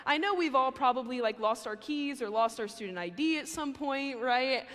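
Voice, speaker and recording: A woman's voice: high voice, animated, moderate pace, fairly bright tone. A young woman giving a casual chapel sermon, chatty and full of fillers. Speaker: chapel speaker. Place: university chapel. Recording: long hall reverb.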